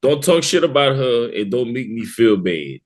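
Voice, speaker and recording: A man co-hosting a podcast, chatting casually and chiming in with quick reactions and jokes. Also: mid-range voice, very animated. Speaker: podcast co-host. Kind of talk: casual chat.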